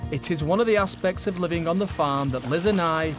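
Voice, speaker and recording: A man in his thirties with an Oldham accent, reading scripted documentary narration in a measured storytelling way. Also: a little high. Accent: Oldham, northern English. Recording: voice-over with music bed. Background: background music.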